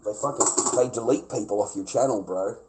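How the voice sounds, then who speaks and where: A man's voice: lowish voice, fairly quick, background noise. A man ranting on a livestream, blunt, sweary and aggrieved, repeating his points. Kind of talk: casual livestream rant.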